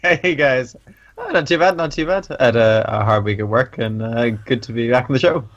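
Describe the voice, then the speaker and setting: A man guest-hosting a casual podcast, relaxed and understated. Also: medium pitch, normal speed, lo-fi sound. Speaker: guest co-host.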